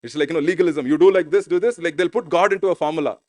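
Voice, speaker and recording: A man's voice: fairly high pitch, rapid-fire, darkish tone, no echo. A man preaching a sermon as pastor in an informal, conversational way. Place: church.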